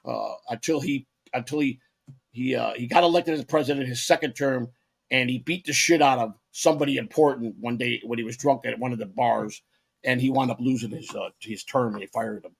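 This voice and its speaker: A man's voice: mid-range voice, brisk, creaky, husky. A man in his fifties, a podcast co-host, telling rambling, profane stories in casual chat with lots of restarts.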